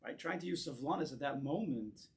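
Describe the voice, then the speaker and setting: A man, a rabbi, teaching a class in a synagogue, animated and drawing in his audience, often restarting words as he goes. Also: mid-range voice, brisk, creaky. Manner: animated, acts out voices in quoted lines, repeats words as he restarts. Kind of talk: lecture with audience discussion.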